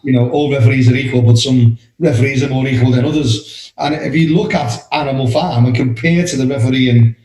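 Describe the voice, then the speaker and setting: A man with an English accent in a casual chat among referees, talking quickly and stumbling into his points. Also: mid-range voice, fairly even intonation, warm tone. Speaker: referee, podcast co-host. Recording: echoey room.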